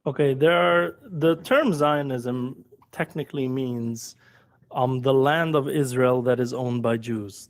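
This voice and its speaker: Male guest, Yiddish accent, slow and deliberate explainer. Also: mid-range voice. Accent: Yiddish-accented English. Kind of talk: measured explanation. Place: live audio chat room.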